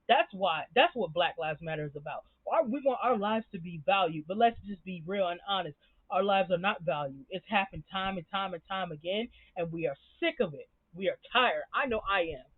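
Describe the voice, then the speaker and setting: A woman's voice: mid-range voice, breathy edge, no room sound. Fiery, profane young woman on a tinny line. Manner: emphatic, frustrated, heavy profanity. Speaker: YouTube show reviewer. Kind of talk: impassioned commentary rant. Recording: tinny phone-like dry sound.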